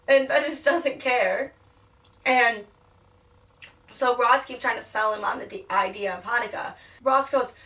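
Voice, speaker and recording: A woman's voice: fairly high pitch, slow pace, long pauses, distant mic. Bubbly young woman vlogger with a sick-sounding voice. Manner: bubbly, animated retelling. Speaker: vlogger and singer. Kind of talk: casual vlog storytelling.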